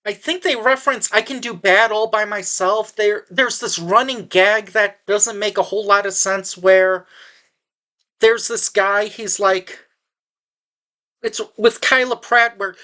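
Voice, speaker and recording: A woman's voice: mid-range voice, unhurried, pushed and bright. A woman giving a casual spoken movie review, sarcastic and exasperated, rambling with frequent restarts.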